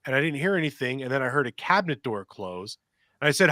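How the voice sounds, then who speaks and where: In studio-quality audio with no room sound, a fast-talking middle-aged man with a medium-pitched voice co-hosts a podcast. He rambles through long stories, performing the quotes and sound effects with lively energy.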